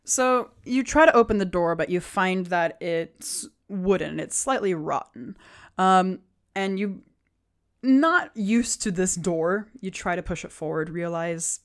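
A woman's voice: on the low side, animated, unhurried. A woman running a tabletop game as game master, describing scenes at length with frequent fillers.

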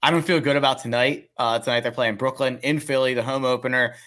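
A man hosts a casual sports betting chat, his voice mid-pitched and ordinary. He talks in a halting way, often restarting his sentences. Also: fairly even intonation, a bit bright. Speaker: podcast host.

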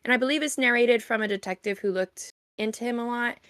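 A woman's voice: on the high side, fast talker, a bit bright, smooth, no room sound, clean studio sound. A young woman co-hosting a podcast in casual chat, making sarcastic jokes and recommendations. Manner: joking, sarcastic asides. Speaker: podcast co-host.

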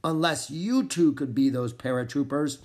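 A man voicing a gruff middle-aged male French farmer with a raspy voice, in a storybook reading. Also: mid-range voice, normal speed, a little mellow, close to an everyday voice.

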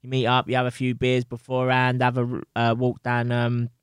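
Brief: bloke, podcast co-host, casual football banter, dry close mic. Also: male voice, medium pitch, completely flat delivery, a little fast, smooth, no echo. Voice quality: blokey, swears freely, says "mate" a lot.

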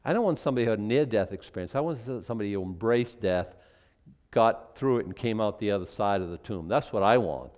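An older man preaching a sermon in a conversational, animated way, with asides and acted quotes. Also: fairly low pitch, fast talker. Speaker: pastor.

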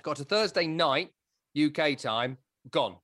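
Chatty podcast host, dry close sound. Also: male voice, a little high, lively intonation, measured pace, fairly bright tone, dry recording. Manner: chatty, wry storytelling. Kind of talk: casual podcast chat.

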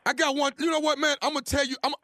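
A man who is a radio comedian, running a prank call and joking on air in a loud, playful, animated way. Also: very high voice, quick pace, no room sound. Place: radio studio.

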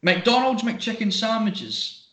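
A man hosting a podcast, swearing freely and telling animated stories in casual banter. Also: sits high, slow, reverberant, a little hiss or hum. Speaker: podcast host.

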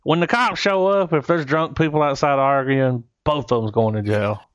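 A man's voice: medium pitch, normal speed, no echo, dull audio. A man telling a crude story in casual chat, rambling and quoting people as he goes.

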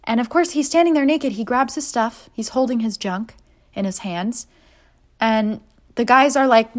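Animated young woman telling a story. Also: a little high, normal speed. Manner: animated, acts out voices in quotes. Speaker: podcast host. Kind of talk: casual storytelling monologue.

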